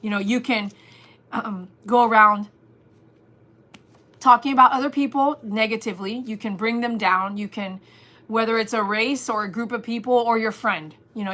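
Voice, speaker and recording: A woman hosting a casual livestream, chatting and reading viewers' comments aloud, animated and laughing often. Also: mid-range voice, normal speed. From Texas. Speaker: livestream host.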